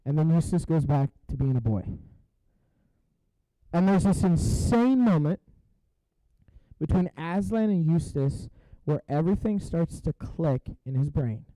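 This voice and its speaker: A young man giving a youth sermon, telling a story with jokes and then dropping to a hushed, serious tone. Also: a little high, unhurried, long pauses, dry recording, poor audio. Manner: animated and joking, drops to a hushed tone for serious parts. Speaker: youth pastor.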